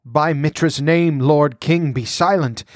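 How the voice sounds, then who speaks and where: A man voicing a trembling male high priest in a storybook reading, urgent and pleading. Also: slow pace, no room sound, studio quality. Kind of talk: audiobook character voice.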